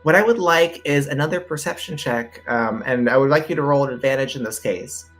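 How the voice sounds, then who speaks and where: A man's voice: mid-range voice, faint music behind. Easygoing man running a tabletop game. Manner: relaxed, halting narration with many ums. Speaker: game master.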